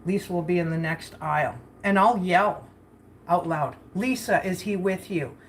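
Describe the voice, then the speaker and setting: A woman's voice: on the low side, moderate pace, a little hiss or hum. A woman chatting casually while cooking in her home kitchen for a vlog, rambling and laughing often. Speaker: vlogger.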